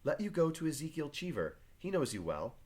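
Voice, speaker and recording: A man voicing Elizabeth Proctor, a reserved farm wife, read quietly and plainly from a play. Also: on the high side, very animated, brisk, breathy edge. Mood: guarded. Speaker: teacher reading a play aloud. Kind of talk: reading play aloud to a class.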